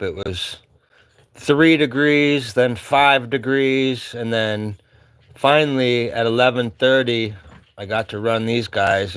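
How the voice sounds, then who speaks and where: Slow-talking wry American man, dry mic. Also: fairly low pitch, fairly bright tone, no echo. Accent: Upper Midwest American. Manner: rambling and wry, talking to his dogs. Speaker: vlogger. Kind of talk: casual chat. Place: remote cabin.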